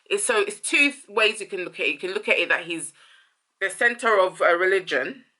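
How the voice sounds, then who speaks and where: A woman's voice: mid-range voice, lively intonation, brisk, sharp tone. A woman hosting a casual song commentary, thinking aloud, rephrasing and trailing off as she muses. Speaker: host.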